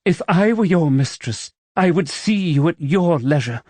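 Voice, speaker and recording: A woman's voice: on the low side, animated, measured pace, warm tone, dry recording, pitched above the performer's own voice. A man voicing a proud, wary young widow who works as a paid companion, speaking tensely and defensively in an audiobook.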